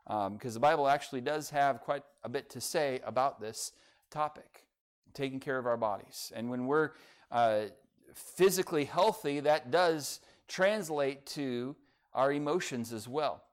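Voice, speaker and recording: A man's voice: medium pitch, a little slow, smooth. A middle-aged man, a pastor giving a sermon in a church in a conversational, folksy way, telling a humorous family story.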